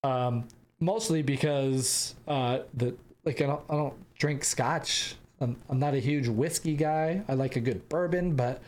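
Man, young adult, from the United States, podcast host, casual storytelling, rambling, mid pitch. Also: measured pace, a little mellow. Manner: rambling, laughing, frequent filler restarts.

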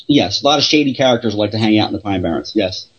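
A man who investigates the paranormal, talking through his stories in a halting way with many restarts and fillers. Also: lowish voice, expressive, husky, highs cut off. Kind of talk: casual interview storytelling.

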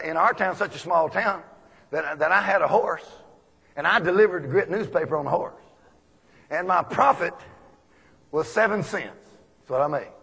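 A man from Texas, preaching a folksy storytelling sermon full of animated anecdotes. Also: fairly high pitch, vocal fry, husky. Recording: long echoey hall reverb.

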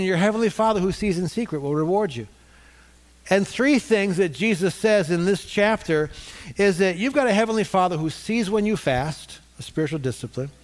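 Man, pastor, sermon, repeats for emphasis, fairly high voice, long hall echo. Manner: repeats points for emphasis, pausing with fillers.

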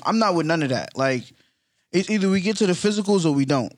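A man co-hosting a casual chat show, talking in an animated way and acting out the lines he quotes. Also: a little high, moderate pace. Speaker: podcast co-host.

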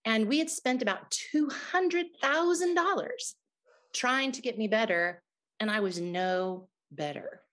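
A woman's voice: a little high, unhurried, a bit bright. A middle-aged woman, a guest in an interview, telling a personal testimony in an earnest, emotional way.

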